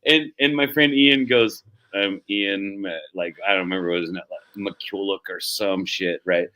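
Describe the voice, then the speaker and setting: A man's voice: low voice, steady tone, normal speed, bright, forceful tone. A man in his forties, hosting a casual stream and telling rowdy stories with swearing and laughter. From United States. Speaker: streamer host. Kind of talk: casual storytelling chat.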